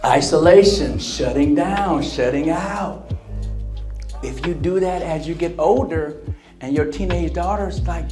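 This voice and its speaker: A man with a fairly high voice speaks to a large convention hall crowd, keeping them involved by asking questions and acting out quotes. Music plays clearly behind his speech. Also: unhurried. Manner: lively, engages the audience with questions and acted-out quotes. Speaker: motivational speaker. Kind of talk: conference speech on emotional wellness.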